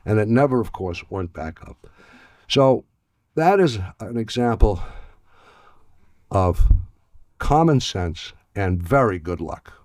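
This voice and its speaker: Older man telling a halting anecdote. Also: fairly low pitch, animated, darkish tone, no room sound. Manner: halting, repeats words, dry humor. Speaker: guest in archive clip. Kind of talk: storytelling anecdote.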